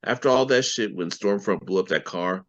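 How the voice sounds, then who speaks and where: A man's voice: deep voice, moderate pace, highs cut off. A man co-hosting a podcast, chatting casually about a TV episode with jokey asides and mock quotes. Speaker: podcast co-host. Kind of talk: casual TV recap chat.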